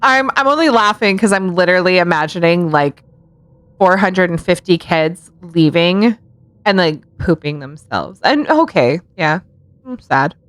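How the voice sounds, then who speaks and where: Sarcastic comments and regular giggles punctuate the true-crime tales this podcast co-host tells in a casual show. She has an expressive, lowish voice and an unhurried delivery, captured in a dry recording.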